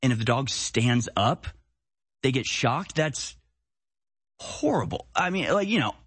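Husky-voiced man ranting on a stream. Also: medium pitch, very animated, measured pace, a bit bright, no room sound. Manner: blunt, conversational, heated. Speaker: political commentary host. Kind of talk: live-stream political commentary.

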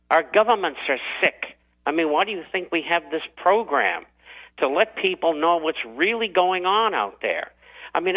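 A man, a guest on a talk radio show, telling his story in a deliberate, halting way. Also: a little high. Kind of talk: phoned-in interview storytelling. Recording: tinny phone line.

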